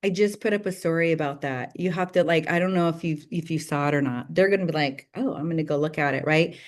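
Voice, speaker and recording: A woman in her thirties leading a direct-sales team call, chatty and enthusiastic, full of "like"s and "you guys" and quick laughs. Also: deep voice. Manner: bursts of laughter and excited acted-out quotes. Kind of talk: casual motivational team call.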